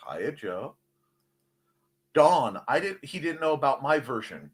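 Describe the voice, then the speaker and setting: A middle-aged man hosting a casual livestream, reading chat comments in a rambling, jokey way with a slightly hoarse voice. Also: mid-range voice, a little slow, long pauses. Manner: rambling, jokey, animated asides. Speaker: livestream host.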